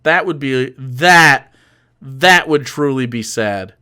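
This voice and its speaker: A man's voice: mid-range voice, expressive, takes it slowly, bright, forceful tone, clean tone, dry recording. A young man giving sarcastic, profane live-stream commentary, mocking what he reads on a close desk mic.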